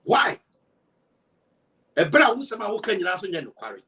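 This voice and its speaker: A man's voice: high-pitched, wildly swooping pitch, rapid-fire, bright, forceful tone, distant mic. A man with a Ghanaian accent, a political party member giving a heated rebuttal, emphatic and full of rhetorical questions as he switches between Twi and English.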